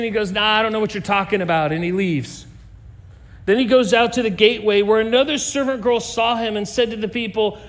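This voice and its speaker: A male pastor preaching a sermon, telling a story with lively voices and sinking to a soft, low voice for emphasis.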